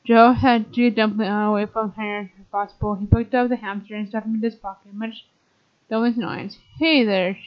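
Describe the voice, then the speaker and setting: A woman's voice: medium pitch, flat delivery, brisk, smooth. A woman hosting a podcast, reading a children's storybook aloud with frequent stumbles and self-corrections. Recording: dull lo-fi recording.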